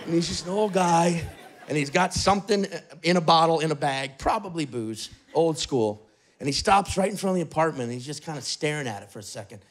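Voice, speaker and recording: A man doing stand-up, telling a story in a casual, animated way at a live show. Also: a little high, fairly quick. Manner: animated, conversational, swearing. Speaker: stand-up comedian. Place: live show before an audience. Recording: live mic with crowd laughter.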